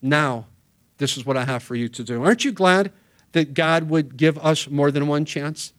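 A male pastor with a slightly higher-pitched voice delivers a sermon. He reads scripture briskly, then turns to preaching with earnest emphasis.

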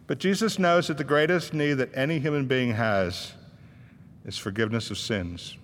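A man's voice: mid-range voice, moderate pace, a bit bright, big-room sound. A man preaching a sermon, retelling a Bible story and acting out the voices of the people in it.

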